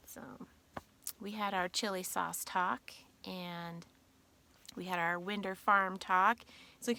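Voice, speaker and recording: A woman's voice: lowish voice, steady tone, measured pace, creaky, sharp tone. A woman vlogger in casual, chatty talk to her viewers, giggling through her stories. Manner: chatty, drawling, giggly asides. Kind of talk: casual chat.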